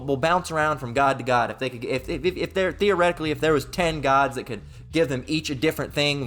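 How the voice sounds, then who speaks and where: Heated, profane Southern preacher. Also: male voice, a little high, a bit bright. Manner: reads scripture then rants. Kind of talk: informal Bible teaching sermon.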